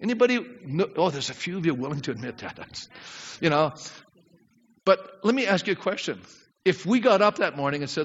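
Very animated and at normal speed, this middle-aged pastor's voice is on the high side, a bit bright, and husky. He preaches conversationally to a congregation in a church sanctuary, asking questions and acting out prayers. The recording is dull, with long hall reverb.

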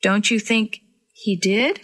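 A woman voicing a weak, tired old grandfather who speaks slowly. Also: medium pitch, sing-song, fairly bright tone. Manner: slow, weak speech.

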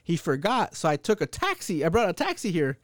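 A young man on a podcast, telling a story in a casual, animated and profane way with many fillers. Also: high-pitched, brisk, no echo, studio quality. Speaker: podcast host.

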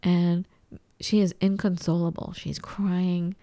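Animated woman telling a story, dry sound. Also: on the low side, slow pace, no room sound. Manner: animated storytelling, acts out quotes. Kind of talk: casual chat.

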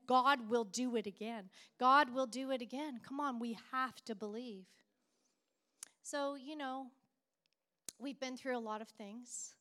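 A middle-aged woman pastor delivers a sermon with fervent, repeated declarations. Her voice sits fairly high. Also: a bit bright.

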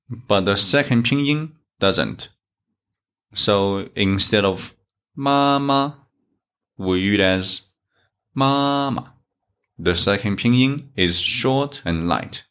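Slow, low-voiced male language teacher. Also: fairly bright tone. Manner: slow, careful and instructive, with drawn-out example words. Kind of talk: recorded language lesson.

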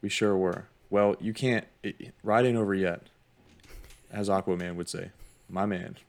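A man's voice: low-pitched, steady tone, moderate pace. A man co-hosting a casual podcast, easygoing and agreeable, getting hyped about films. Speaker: podcast co-host. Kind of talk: casual chat.

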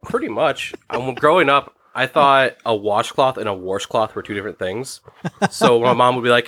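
A man's voice: medium pitch, moderate pace, a bit bright, no echo. A man from Iowa in casual chat, laid-back and wry.

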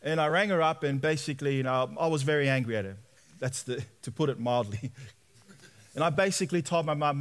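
Animated man telling a sermon testimony. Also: on the high side, a little fast. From Australia. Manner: animated storyteller, acts out quoted voices. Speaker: preacher.

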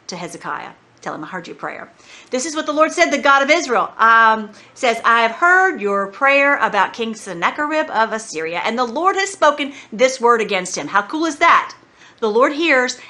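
A woman's voice: a little high, pushed and bright. A woman teaching from the Bible, mixing fervent prayer with chatty commentary. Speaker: Christian teacher.

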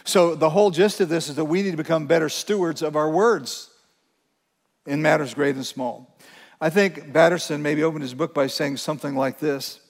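A male pastor delivers a sermon in a fairly high voice, earnest and emphatic, slowing down to read scripture with weight. His words ring out with a long reverb from a large church sanctuary.

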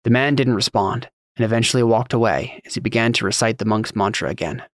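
A man narrating a fantasy audiobook in a steady, even storytelling read. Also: medium pitch, fast talker, no echo, studio quality.

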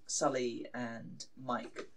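A man's voice: mid-range voice, level tone, very slow, vocal fry, recorded from a distance. A man co-hosting a casual podcast chat, telling stories hesitantly with lots of fillers. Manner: hesitant, filler-heavy storytelling. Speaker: podcast co-host.

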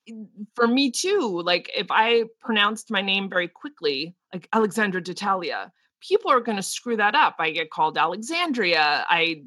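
A woman's voice: mid-range voice, bright, forceful tone, no echo. A woman co-hosting a podcast and speaking frankly and at length as a teacher, often restarting her sentences. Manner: frank and talkative, with many restarts. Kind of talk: casual podcast discussion.

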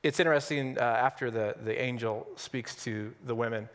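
A male pastor preaching an Easter sermon in a conversational, humorous way, with dramatic pauses. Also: mid-range voice, fairly even intonation, fairly bright tone, in a large hall. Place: church sanctuary on Easter Sunday.

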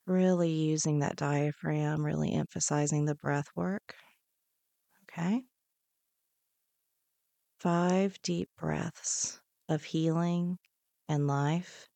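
A woman leading a guided breathing meditation on a podcast, giving slow, soothing, repeated instructions. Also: sits low, vocal fry, mellow, no room sound. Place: podcast studio.

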